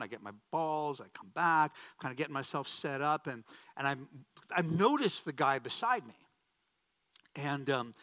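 A pastor in his fifties delivers a sermon in a bright, forceful, fairly high voice. He tells stories, tosses in humorous asides and repeats key phrases. The sound is dry and close. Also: dry recording.

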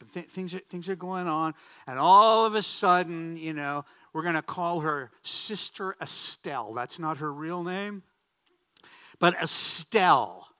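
A middle-aged man preaching a sermon, telling stories in an animated, self-deprecating way with frequent restarts. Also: a little high, no room sound. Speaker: pastor.

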